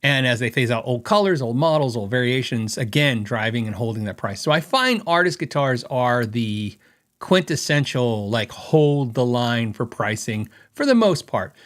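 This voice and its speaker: A man's voice: medium pitch, expressive, moderate pace, fairly bright tone. A middle-aged man hosting a podcast, giving his opinions in a rambling, casual way and thinking aloud with fillers. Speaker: podcast host.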